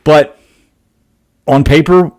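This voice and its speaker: A man's voice: fairly high pitch, fairly even intonation, slow. A man co-hosting a casual sports podcast, talking through a matchup with frequent ums and restarts. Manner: hesitant, lots of fillers, builds an argument. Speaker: podcast co-host.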